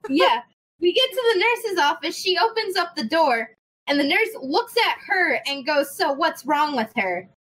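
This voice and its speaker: A young woman telling a story in casual chat, animated, swearing freely and acting out the people in it. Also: very high voice, unhurried, slight background noise, low-quality recording. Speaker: podcast host.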